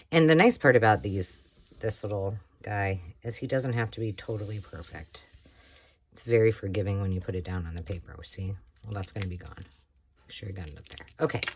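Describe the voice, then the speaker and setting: A middle-aged American woman with a slightly hoarse voice, chatting casually while making a craft project. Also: extremely low pitch, lively intonation, moderate pace, pauses often. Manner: chatty, rambling, self-talk while working. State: slightly hoarse, frog in throat. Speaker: crafting tutorial host. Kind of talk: casual craft tutorial chat.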